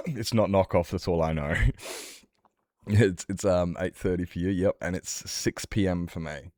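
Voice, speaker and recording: Very deep-voiced man chatting. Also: fairly even intonation, moderate pace, a little mellow, no echo, clean studio sound. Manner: rambling, joking, talking back to chat. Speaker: streamer. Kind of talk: casual livestream chat while gaming.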